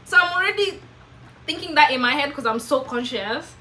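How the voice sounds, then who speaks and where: A woman's voice: sits high, expressive, normal speed, pushed and bright, slight background noise, rough recording. A young woman with a Kenyan accent talking earnestly to camera in a reflective personal vlog, asking herself question after question. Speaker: vlogger.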